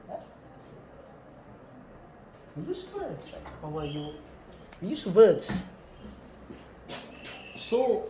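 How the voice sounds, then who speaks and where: A man's voice: high voice, very animated, drawn-out words, pauses often, roomy sound, background noise. A man with a Sri Lankan English accent gives a classroom lecture. He repeats key phrases and keeps putting questions to his students.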